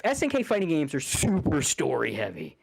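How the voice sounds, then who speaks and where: A man on a casual podcast, ranting in an angry, profane, heated way with sudden fast bursts. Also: huge pitch swings, gravelly, breathy edge. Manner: fast bursts and sudden loud jumps in pitch. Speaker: podcast co-host.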